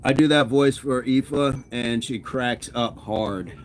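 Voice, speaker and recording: Speaking slowly in a mid-range voice, a fitness streamer banters with his audience, teasing them in a playful way and responding to what they write in chat. There is a little hiss or hum on the recording.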